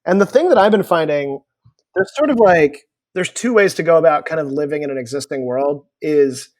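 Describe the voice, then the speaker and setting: A man in casual chat, calmly explaining how he approaches his writing work. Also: fairly high pitch, dry recording. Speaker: guest, TV writer.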